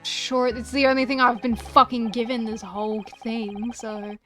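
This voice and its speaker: A woman's voice: on the high side, level tone, moderate pace, hardly any pauses, a bit bright. Young woman streamer, sore-throated, casual and profane, on a desk mic over game music. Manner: chatty, swears casually, self-deprecating.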